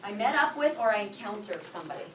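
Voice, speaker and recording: A woman teaching Spanish to a high school class, energetic and playful, drilling students with call-and-response in a classroom. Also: fast talker, a little hiss or hum. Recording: echoey classroom, mic far off.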